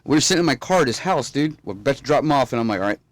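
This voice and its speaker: A man's voice: medium pitch, lively intonation, rapid-fire, no room sound. A man, rambling through stories in a casual chat as podcast host. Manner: rambling storyteller, drawling, swears freely.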